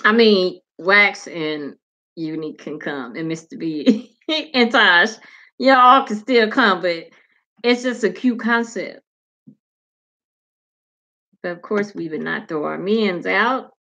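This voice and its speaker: A woman talks loosely to her viewers on her own channel, reading comments aloud and reacting. Her speech is slangy and candid, peppered with swearing, at an ordinary middle pitch. The sound is dull and lo-fi. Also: slow, pauses often, pushed and bright. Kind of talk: casual livestream chat reading viewer comments.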